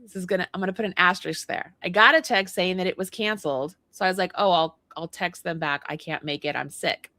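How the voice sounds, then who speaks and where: A woman's voice: lowish voice, fairly even intonation, quick pace, few pauses, pushed and bright, dry recording. A woman co-hosting a casual livestream chat, animatedly telling a story and acting out both sides of it. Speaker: co-host. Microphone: livestream mic.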